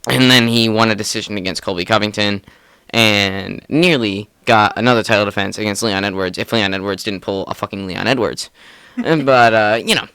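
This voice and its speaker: Casting: young male podcast co-host, excitable and profane, clear bright tone. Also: on the low side, fairly quick, dry recording. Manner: excitable, profane, laughs often. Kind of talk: casual sports chat.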